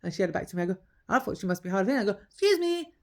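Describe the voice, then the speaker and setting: A woman's voice: on the low side, very fast, darkish tone. A woman, telling her own story in a casual podcast monologue. She talks emphatically, repeats her key points, and acts out the dialogue.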